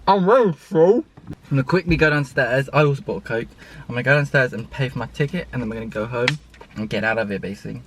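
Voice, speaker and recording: Inside his car, a young man swears freely while chatting to his viewers on a casual drive-along vlog. He speaks at a medium pitch, animated, quick and a bit bright, and the car and road noise comes through clearly.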